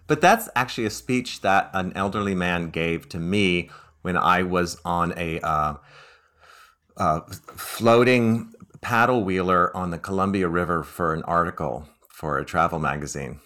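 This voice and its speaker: Deep bright-voiced wry man. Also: unhurried. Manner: wry, self-deprecating humor. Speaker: author. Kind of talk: conversational interview.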